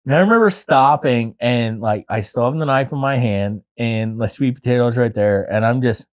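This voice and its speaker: A man's voice: medium pitch, normal speed. A young man, a podcast guest, telling a long personal story in casual chat, full of filler words like "like" and "dude".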